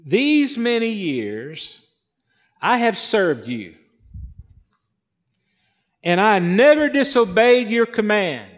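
A man voicing a resentful older son who slowly lists his grievances to his father. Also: sits high, big pitch swings, pitched above the performer's own voice, exaggerated voice. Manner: slow, aggrieved, drawn out.

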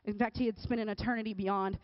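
A woman giving a casual, conversational sermon, often checking in with the crowd with a quick "right?". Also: mid-range voice, fairly even intonation, no echo. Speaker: speaker at a church or youth service. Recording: dull, dry recording.

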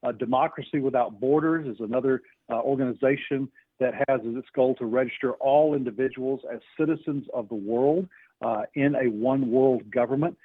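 A man's voice: medium pitch, moderate pace, husky, dry recording. Earnest man on a tinny phone line. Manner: earnest, many fillers and restarts. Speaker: author guest.

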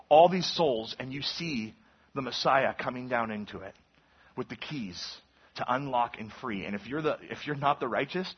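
A man's voice: medium pitch, husky, dull audio. A man preaching an earnest sermon, teaching through a passage with emphatic, rising intensity. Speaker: pastor.

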